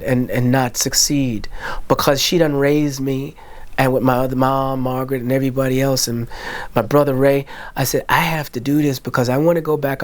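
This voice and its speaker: A middle-aged man, a guest in a candid interview, telling his life story and acting out the voices of family members. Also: mid-range voice. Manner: animated, acts out family voices and quotes.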